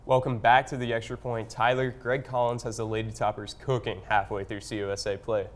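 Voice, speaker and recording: A man's voice: medium pitch, flat delivery, a little fast. A young man anchoring a sports news show, delivering scripted lead-ins and chatting steadily with casual fillers.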